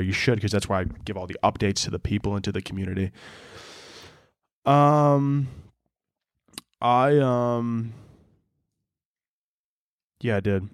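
A man's voice: on the low side, no echo. A man hosting a solo podcast, talking casually in a rambling, profane, joking way into a close mic. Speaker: podcast host.

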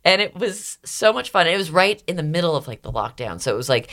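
A Canadian woman with a low-pitched voice talks as an interview guest. She chats freely and rambles, laughs often and leans on "like" as she goes. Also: lively intonation, moderate pace, a bit bright. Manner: chatty, rambling, laughs often, many "like" fillers. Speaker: radio host, here the guest. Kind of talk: casual interview chat.

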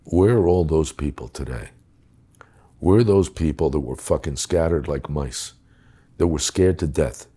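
A middle-aged man with a deep, dark and husky voice tells a story in conversation. He talks bluntly and with emphasis, swearing freely as he goes. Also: a little slow. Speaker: guest recounting his time as a police official.

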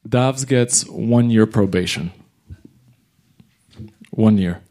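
Young male comic, animated storyteller, acts out the voices in quick bursts, live crowd. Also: on the low side. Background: audience laughter.

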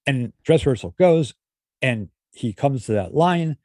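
Husky male comedy writer spinning lively anecdotes, acts out every quote. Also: mid-range voice, measured pace, no room sound. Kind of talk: casual storytelling.

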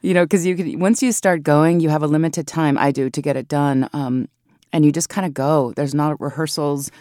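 Low-voiced woman audiobook narrator. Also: steady tone, moderate pace, mellow, dry recording, studio quality. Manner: thoughtful, explanatory, laughs easily. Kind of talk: interview conversation. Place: home recording booth. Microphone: studio microphone.

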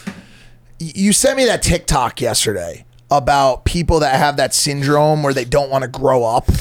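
A man's voice: medium pitch, animated, normal speed. A man in his late thirties co-hosting a podcast, joking and teasing his co-host. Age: late 30s. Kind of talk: casual chat.

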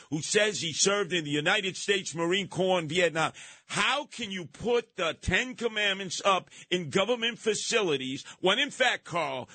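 New talk radio guy ranting, bright edgy voice, bit high, dry studio sound. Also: no echo. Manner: rambling, combative, sarcastic, with quick asides. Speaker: radio talk show host. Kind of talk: call-in talk radio monologue. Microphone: studio mic, dry.

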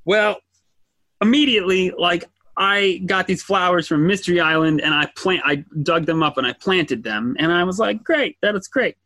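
A man co-hosting a podcast, telling a family story in animated casual chat and acting out the quotes. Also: high-pitched, moderate pace, no echo. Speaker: podcast co-host.

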